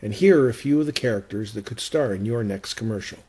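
A man's voice: fairly low pitch, fast, dark tone, breathy edge. A man voice actor presenting his voice reel in a friendly, upbeat way.

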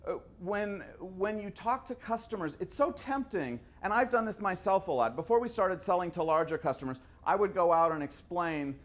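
A man's voice: high-pitched, lively intonation, normal speed, hardly any pauses. Middle-aged man giving an anecdotal lecture. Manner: conversational, anecdotal, stumbles and repeats words. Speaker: guest lecturer. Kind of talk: storytelling lecture.

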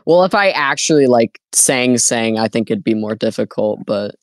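A man's voice: mid-range voice, expressive, normal speed, no room sound. A man co-hosting a comedy podcast, laid-back and hesitant with dry asides. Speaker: podcast co-host. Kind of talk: casual chat.

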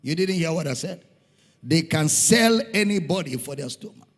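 A man's voice: on the high side, lively intonation, moderate pace. A middle-aged Nigerian man preaching a sermon in a church hall, emphatic, repeating key lines for stress. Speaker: pastor. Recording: long hall reverb.

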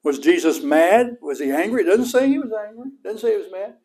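A West Texas pastor in middle age preaches with folksy energy, talking a little fast. When he stresses a word, his voice rises high.

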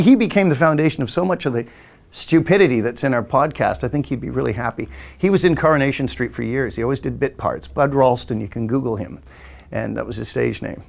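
A man's voice: medium pitch, creaky. Older English-born man telling stories. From England. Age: 60s. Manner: rambling anecdotal, acts out family voices. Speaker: podcast host and hypnotist. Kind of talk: casual storytelling.

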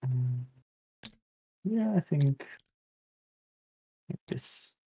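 A man's voice: medium pitch, animated, drawn-out words, warm tone, husky, dry recording, poor audio. A man playing a board game, thinking aloud and explaining the rules to his opponent. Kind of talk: casual board game chat.

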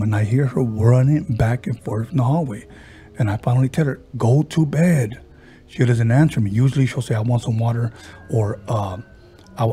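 Mellow-voiced man telling a ghost story. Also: medium pitch. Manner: retells a story, slipping into quoted voices; halting, with frequent restarts and fillers. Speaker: podcast host. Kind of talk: casual paranormal storytelling.

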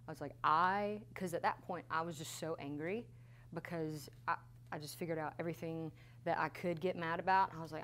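A woman worship leader in her thirties giving a candid, animated teaching talk at a church conference. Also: low-pitched, brisk, slight background noise. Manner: candid, animated storytelling with laughs.

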